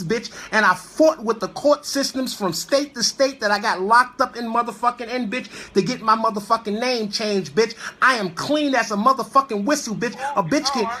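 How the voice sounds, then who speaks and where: A woman's voice: on the high side, pushed and bright. A woman hosting an online call-in radio show, ranting brashly with heavy, repetitive cursing. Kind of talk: profane call-in radio rant.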